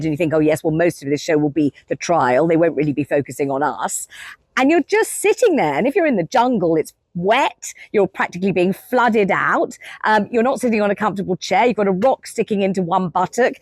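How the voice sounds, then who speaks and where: An older woman in her sixties talks through reality TV in a chatty, gushing way, piling up repeated words for effect. Her voice sits low, and the recording is close and dry. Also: no echo. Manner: chatty, gushing, dramatic repetition. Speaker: TV commentator. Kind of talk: casual reality TV commentary.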